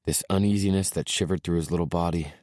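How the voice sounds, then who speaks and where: Very deep-voiced man narrating an audiobook. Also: steady tone, fast, a little mellow, no echo, clean studio sound.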